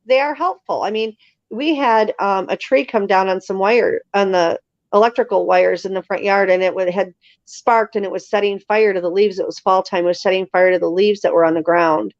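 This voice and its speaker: Lively woman storyteller, muffled lo-fi sound. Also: mid-range voice, moderate pace, no echo. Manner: lively storyteller who acts out other people's lines. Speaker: interview guest. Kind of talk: casual storytelling in an interview. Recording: slightly dull lo-fi sound.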